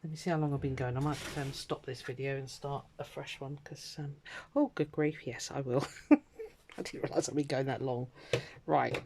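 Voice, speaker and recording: Mellow-voiced woman chatting while crafting. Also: sits low, vocal fry, a little hiss or hum. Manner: chatty and self-deprecating, muttering asides, some whispered. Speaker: craft vlogger. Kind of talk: casual crafting chat while working.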